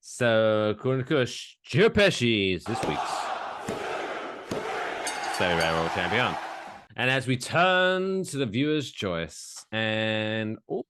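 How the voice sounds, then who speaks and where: A man's voice: on the low side, sing-song, takes it slowly, crowd noise, background noise. A man co-hosting a podcast in casual banter, playful, with announcer-style build-ups that draw out names. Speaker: podcast co-host.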